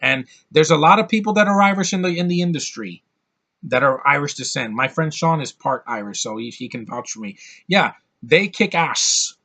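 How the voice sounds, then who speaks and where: A man's voice: fairly high pitch, expressive, moderate pace, bright, forceful tone. A man giving a casual movie review vlog, ranting bluntly, swearing freely and often restarting his sentences.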